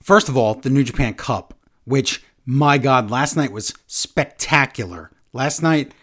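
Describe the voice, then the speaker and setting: A man's voice: mid-range voice, a little slow, a bit bright. A man hosting a podcast, chatting casually and rambling, often correcting himself. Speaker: podcast host. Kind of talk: casual chat.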